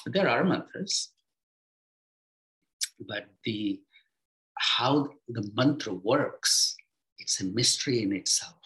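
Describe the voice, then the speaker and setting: A man giving a reflective spiritual talk as a teacher, unhurried, his voice sinking low and quiet at the ends of phrases. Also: lively intonation.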